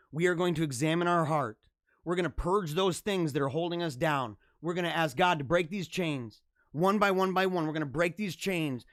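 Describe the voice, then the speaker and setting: Fervent high-voiced man preaching to his stream. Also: fairly bright tone, no echo, studio quality. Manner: fervent, emphatic, repetitive. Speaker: livestream host. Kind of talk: preachy motivational livestream talk. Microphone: camera mic.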